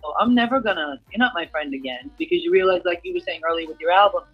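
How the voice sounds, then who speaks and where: A woman's voice: on the low side, fast, breathy edge, soft background music. A woman guest, a reggae singer, chatting casually in an interview and rambling with frequent "you know" fillers. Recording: dull lo-fi audio.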